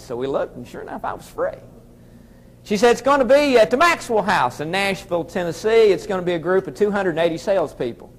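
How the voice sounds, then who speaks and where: A man's voice: sits high, animated, fast talker. A middle-aged man with a Southern American accent, telling a folksy story as a motivational speaker addressing an audience. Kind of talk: storytelling keynote speech.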